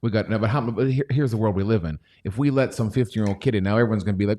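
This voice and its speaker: Male stream host, low voice, rambling jokey banter, reads chat aloud. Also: rapid-fire, hardly any pauses, dark tone. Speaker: livestream host. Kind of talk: casual banter on a stock livestream.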